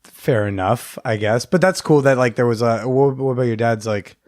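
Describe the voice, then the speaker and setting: A man's voice: medium pitch, darkish tone, no echo, studio quality. Curious man hosting a podcast. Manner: curious, quick follow-up questions. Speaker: podcast host. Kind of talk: casual podcast interview.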